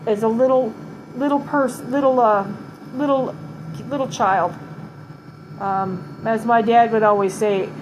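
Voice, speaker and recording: Halting, tearful woman speaking at home. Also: medium pitch, noisy background. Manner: halting, tearful, many pauses and restarts. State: holding back tears, tired from illness. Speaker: vlogger giving a tribute to her late mother. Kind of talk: emotional personal vlog.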